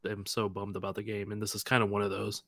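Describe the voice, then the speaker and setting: A man's voice: on the low side, monotone, fast talker, creaky, a bit bright, no echo, clean studio sound. A man, co-hosting a sports podcast in a plain, slightly glum way. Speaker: podcast co-host, team photographer. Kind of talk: casual sports chat.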